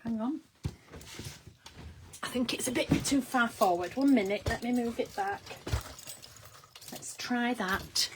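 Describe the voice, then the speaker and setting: A woman's voice: fairly high pitch, animated, takes it slowly, long pauses, noisy background. A woman chatting casually on a craft livestream from her studio, giggling and greeting viewers by name. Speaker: craft live streamer. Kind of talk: casual live-stream chat.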